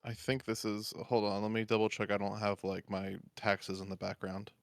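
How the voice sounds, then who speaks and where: A man's voice: on the low side, little pitch movement, moderate pace, vocal fry, no echo, studio quality. A man chatting casually with friends, rambling and hedging with fillers. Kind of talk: casual chat on a group call.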